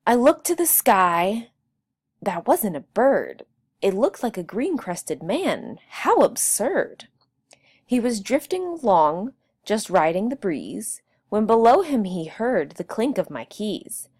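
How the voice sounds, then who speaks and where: A woman teacher reading a rhyming picture book aloud, with a slow storyteller cadence. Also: medium pitch, big pitch swings, a little mellow, breathy edge.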